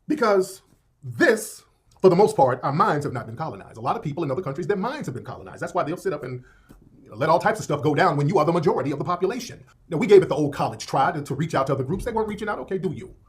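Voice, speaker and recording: A man's voice: on the high side, sing-song, very fast, breathy edge. A man giving impassioned commentary in an emphatic, preachy way.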